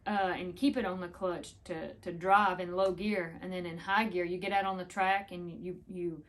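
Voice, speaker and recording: A woman's voice: lowish voice, fairly even intonation, moderate pace. A woman, chatting casually to the camera, rambling through a story with laughs. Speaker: vlogger.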